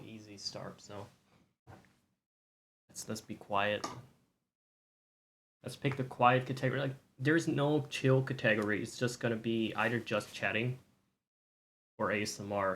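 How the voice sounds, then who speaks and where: A male streamer in quiet, casual chat, rambling and softly mocking himself with light laughs. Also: lowish voice, slight background noise.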